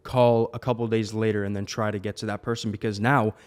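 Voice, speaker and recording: A man's voice: fairly low pitch, little pitch movement, quick pace, clear, resonant tone. A man co-hosting a casual roundtable chat, agreeable and peppering his talk with "you know". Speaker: podcast co-host.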